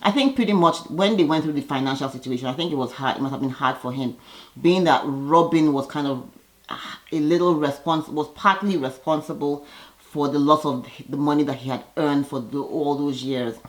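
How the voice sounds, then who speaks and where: A woman vlogger giving a chatty, opinionated recap of a reality TV episode, with lively jumps in her voice. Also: moderate pace, low-quality recording. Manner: lively, gossipy, opinionated with sudden pitch jumps.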